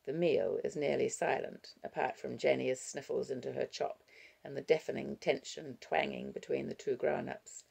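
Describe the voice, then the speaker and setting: A woman reading a novel aloud as an audiobook narrator, in a measured and expressive way. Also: rumbling low, gravelly, breathy edge. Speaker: audiobook reader. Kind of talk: scripted narration.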